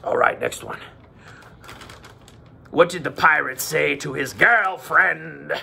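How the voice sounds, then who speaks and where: A male teacher running a playful lesson for children, cracking pirate jokes and slipping into a gruff pirate voice. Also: a little high, animated, slow, pushed and bright. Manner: hammy, joking, slips into a gruff pirate voice.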